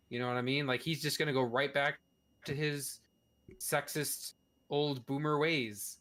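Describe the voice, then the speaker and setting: A man's voice: a little high, fairly even intonation, unhurried, a bit bright. A male podcast co-host in casual chat, heavy on swearing and strong opinions. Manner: profane, opinionated ranting.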